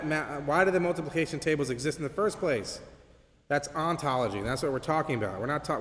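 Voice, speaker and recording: A man's voice: medium pitch, fairly bright tone. A man teaching an apologetics class at a church in a conversational way, often checking in with "right?". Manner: conversational, keeps asking "right?". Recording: long hall reverb.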